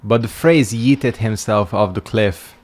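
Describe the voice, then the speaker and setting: His voice is on the low side and darkish, paced in a measured way, as this sleepy male streamer yawns through casual gameplay commentary full of wry jokes.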